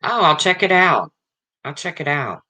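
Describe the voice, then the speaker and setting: Talking frankly to the chat at a normal speed, a livestream host in their fifties uses plain, casual language and keeps returning to the same points. The voice is bright, forceful, and sing-song, swinging widely in pitch.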